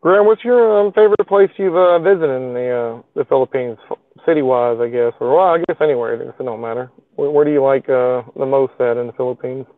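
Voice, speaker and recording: A man's voice: mid-range voice, fast, no echo. A man hosting a casual live stream show from his parked car, talking in a loose, rambling way with lots of fillers and folksy phrasing. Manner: rambling, with many fillers and plain folksy speech. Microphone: phone. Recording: tinny, phone-like, dry sound.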